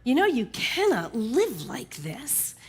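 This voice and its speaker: A woman voicing Faith as a calm, patient woman who reassures the others. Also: on the high side, takes it slowly, breathy edge, full character voice.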